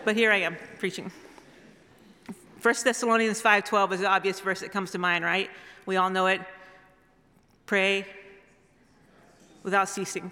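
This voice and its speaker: A woman speaks as a guest preacher in a church hall, her voice bright and forceful. She tells her stories in a loose, rambling way, circling back with restarts and asides. A long reverb trails each phrase. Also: lowish voice. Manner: rambling, warm storytelling with restarts. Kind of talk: storytelling sermon.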